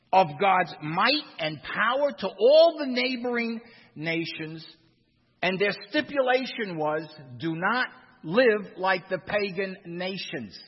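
A man's voice: a little high, husky, highs cut off. Preaching man in an echoing hall. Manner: preaching with swells of emphasis and repeated phrases. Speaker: pastor. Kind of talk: sermon.

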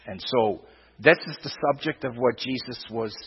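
A man's voice: medium pitch, moderate pace, breathy edge. An older man preaching a sermon in an emphatic way, repeating words and asking rhetorical questions. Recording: dull, lo-fi sound with long reverb.

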